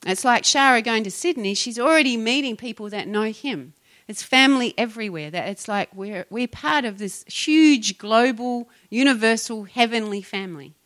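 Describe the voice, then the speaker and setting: Middle-aged New Zealand woman pastor, bright tone, chatty and giggly podcast delivery. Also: fairly high pitch, lively intonation, moderate pace. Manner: chatty, laughs often, trails off mid-sentence. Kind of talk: casual Christian podcast talk.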